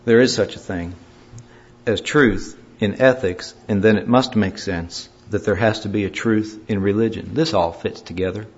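A male preacher delivering a sermon, swinging from loud, emphatic scripture reading to quiet, grave warnings. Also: fairly low pitch, normal speed. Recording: dull lo-fi recording.

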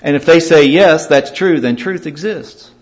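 A man's voice: on the high side, unhurried. Emphatic preacher man, lo-fi sound. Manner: dynamic, swings from loud emphatic to quiet grave. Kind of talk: sermon. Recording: dull lo-fi recording.

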